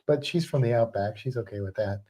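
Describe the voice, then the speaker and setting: A woman's voice: a bass voice, a little fast, warm tone. A woman co-hosting a casual home livestream, chatty and teasing, greeting viewers by name from a home podcast studio. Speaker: co-host of a livestream about pets.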